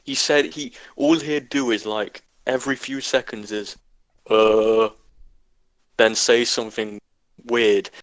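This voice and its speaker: A man's voice: mid-range voice, fairly even intonation, takes it slowly, no echo. A young man chatting casually as a podcast co-host, brash, swearing and repeating himself. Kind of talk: casual chat.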